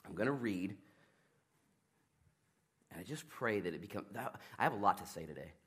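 A man preaching a sermon in a casual, conversational way, swinging between loud emphatic bursts and hushed asides, talking fast and laughing at his own jokes. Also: lowish voice, lively intonation, husky. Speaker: pastor.

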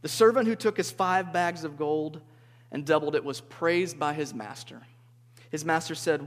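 A man preaching to a group in a relaxed, conversational way, often checking in with "okay?" and asking the listeners questions. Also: fairly high pitch, normal speed. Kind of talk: interactive sermon. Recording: reverberant hall.

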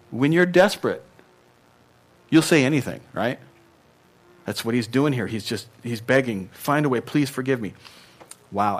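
A man preaching a sermon as a pastor, animated and emphatic, laughing often and acting out the lines he quotes. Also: medium pitch.

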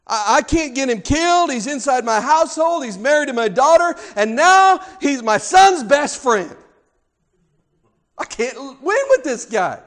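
A man's voice: very high voice, very animated, a little slow, fairly bright tone, pitched above the performer's own voice, full character voice. A man voicing an exasperated jealous king.

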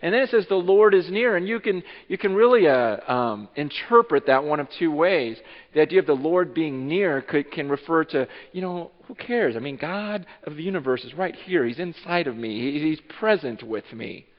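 Man, pastor, sermon, animated, acts out voices, echoing sanctuary, muffled recording. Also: on the high side, moderate pace. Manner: animated, acts out imagined speech of listeners. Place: church sanctuary.

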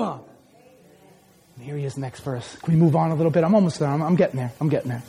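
A male pastor preaching an impassioned sermon, swinging from shouts down to whispers. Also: on the high side, fast, long pauses, husky. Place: church.

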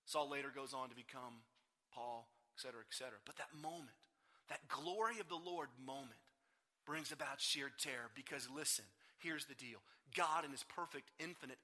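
A male pastor delivers a sermon with a notably high, very bright voice. He retells scripture in an animated storytelling manner, acting out the quoted lines.

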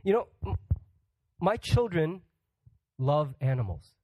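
A man's voice: fairly high pitch, very animated, takes it slowly, no echo, phone-quality sound. A man preaching a sermon as a guest pastor, joking with the congregation and putting questions to them. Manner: humorous, acts out quoted voices; asks the audience questions.

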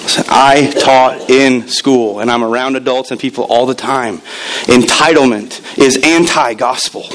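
A man's voice: mid-range voice, a little slow, fairly bright tone, low-quality recording. A man preaching a sermon as pastor, emphatic and repeating key words, acting out the voices he quotes.

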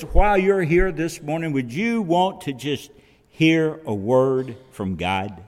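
Male pastor, sermon delivery, slow emphatic pacing, expressive pitch, recorded with long hall reverb. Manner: slow, emphatic preaching with scripture quotes. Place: church sanctuary.

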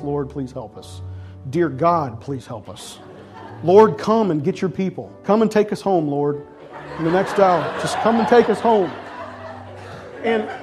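High-voiced pastor telling a lively testimony. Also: male voice. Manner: animated storytelling, acts out voices and shouts. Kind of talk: sermon testimony.

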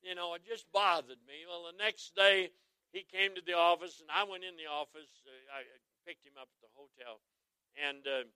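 Man, evangelist, folksy storytelling sermon, high pitch, smooth clear voice, dry sound, calls on the congregation. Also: normal speed, dry recording, poor audio. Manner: folksy, joking, asks the crowd for responses; animated, swings from quiet asides to loud exclaims. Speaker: traveling evangelist.

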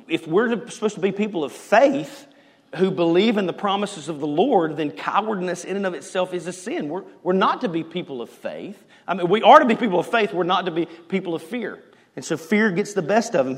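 A man preaching a sermon, animated, swinging between loud emphasis and hushed lines. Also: sits high. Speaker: pastor. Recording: echoey hall.

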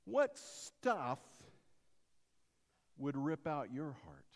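Slow, high-voiced man preaching in a reverberant church. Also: expressive, darkish tone. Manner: storytelling, acts out characters, jokes with congregation. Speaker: pastor. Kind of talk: sermon. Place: church sanctuary. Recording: long hall reverb.

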